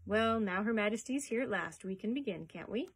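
A woman's voice: mid-range voice, animated, fairly quick, husky. A woman playing a jolly folksy peddler man. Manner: sing-song patter, folksy. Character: cheery jovial male traveling peddler.

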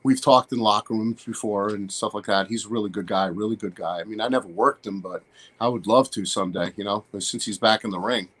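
A man's voice: on the low side, a little fast, a bit bright, slightly rough. A man as an interview guest, telling crude stories in a rambling way and laughing through them. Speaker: guest, wrestler. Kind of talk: casual storytelling interview.

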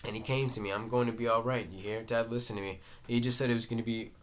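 A man's voice: medium pitch, fairly even intonation, quick pace, fairly bright tone, lightly acted. A man reading the part of a grown son who pleads urgently with his father. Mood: pleading.

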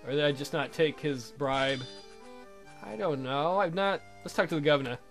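A man giving crude, loud gameplay commentary, reading in-game dialogue aloud with silly voices. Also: fairly high pitch, moderate pace, soft background music. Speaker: let's play commentator.

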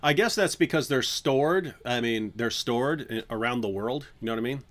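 A man's voice: mid-range voice, normal speed, a bit bright. A man hosting a casual livestream, joking around and now and then breaking into a crooning bit of song. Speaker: channel host.

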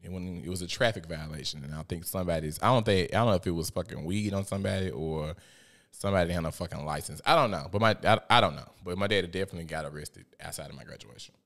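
A man, hosting a podcast in a blunt, profane, animated storytelling manner. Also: sits low, fast. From Memphis, USA. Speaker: podcast host. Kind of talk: casual podcast monologue.

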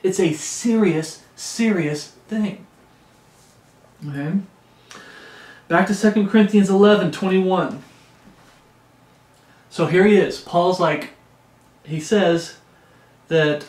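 Emphatic preacher man, echoey room. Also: a little high. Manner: emphatic, slows and stresses key phrases. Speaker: pastor. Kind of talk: sermon with scripture reading.

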